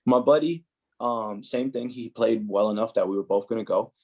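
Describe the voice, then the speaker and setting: Young guy on a podcast, kinda low voice, rambling animated stories, says like a lot. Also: normal speed. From New Jersey, USA. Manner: animated, heavy use of "like" and "you know". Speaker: podcast guest, footballer. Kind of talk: casual storytelling chat.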